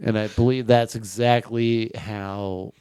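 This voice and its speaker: A man chats as a guest on a comedy podcast, slow and rambling, with many halting restarts. His voice is clear and smooth, and the room sounds dry. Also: on the low side, fairly even intonation, a little mellow, no room sound. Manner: rambling, halting, full of fillers. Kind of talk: casual chat.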